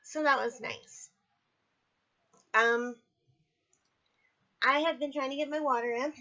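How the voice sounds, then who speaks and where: A woman's voice: high voice, steady tone, takes it slowly, sharp tone, dull audio. A woman casually talking through a personal video diary at home, candid and chatty, still sore from surgery. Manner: chatty, candid, apologetic asides. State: recovering from surgery, in pain. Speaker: vlogger. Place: at home, indoors.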